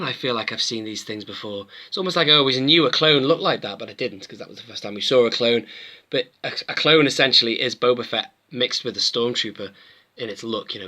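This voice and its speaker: A man's voice: mid-range voice, bright, forceful tone. A man hosting his own toy collecting channel, reviewing figures in a rambling, chatty way that often interrupts itself. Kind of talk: casual review chat to camera.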